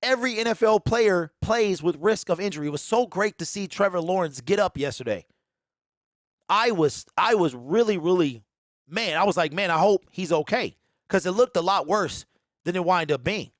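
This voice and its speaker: A man hosting a live sports talk stream, excitable and repeating himself as he riffs. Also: high voice, moderate pace, dry recording, studio quality. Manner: excitable, repeats himself, mocks fans in a mimicking voice. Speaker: sports show host.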